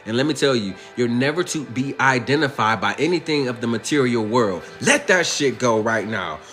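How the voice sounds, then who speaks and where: A man giving a coaxing, profane spiritual pep talk to his other self in a comedic sketch, drawing out his key lines slowly. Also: mid-range voice, expressive, a bit bright, faint music behind. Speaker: motivational speaker.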